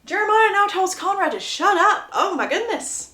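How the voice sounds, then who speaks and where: Animated female book recapper, gossipy, very expressive pitch, echoey room. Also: fairly quick, hardly any pauses.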